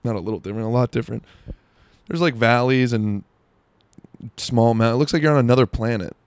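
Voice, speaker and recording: A man's voice: medium pitch, fast, clean tone, dry recording. A young man from South Florida, riffing through a crude, rambling comedic monologue full of "like" and restarts. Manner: rambling, crude, self-interrupting with lots of "like".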